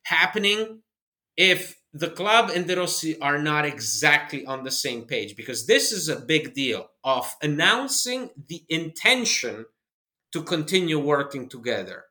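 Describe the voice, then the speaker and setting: A man co-hosting a football podcast, talking in a measured, analytical way with fillers. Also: fairly high pitch, lively intonation, sharp tone. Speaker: podcast co-host. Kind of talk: casual podcast chat. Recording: roomy echoey room.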